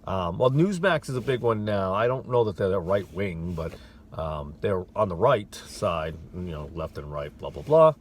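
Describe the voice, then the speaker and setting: A man in a casual talk to camera from his car, rattling off statistics in a quick, offhand way. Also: low-pitched, very animated, slight background noise. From Connecticut, USA. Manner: rapid, offhand, rattling off figures. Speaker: vlogger.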